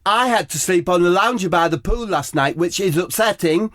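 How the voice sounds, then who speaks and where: A man's voice: high voice, normal speed, fairly bright tone, dry recording, voice pushed up. A man voicing a smug, easily upset young footballer who talks in a prim, sing-song way. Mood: prissy huffy.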